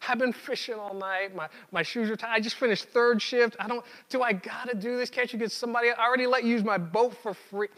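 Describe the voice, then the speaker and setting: A man's voice: very high voice, fairly even intonation, fast, few pauses, fairly bright tone, in a large hall, pitched above the performer's own voice. A man voicing a tired grown fisherman who whines and makes excuses. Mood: whiny. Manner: whiny, complaining.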